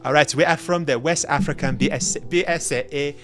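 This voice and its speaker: A man voicing an excitable West African male soldier who sputters out incredulous questions. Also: fairly high pitch, fairly quick, soft background music, natural voice.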